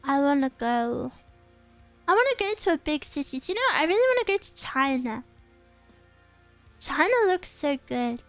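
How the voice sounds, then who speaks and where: A woman's voice: high voice, normal speed, pauses often, faint music behind. A young woman from England chatting casually as a streamer, rambling and giggling as she tells stories. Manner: giggly, rambling, animated storytelling. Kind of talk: casual chat reading viewer comments.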